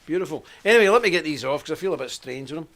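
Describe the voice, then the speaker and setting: A man's voice: fairly high pitch, lively intonation, very fast, fairly bright tone. Chatty man hosting a livestream. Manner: chatty, greets viewers by name, laughs at own jokes. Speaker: host of a live stream. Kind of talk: casual live-stream chat.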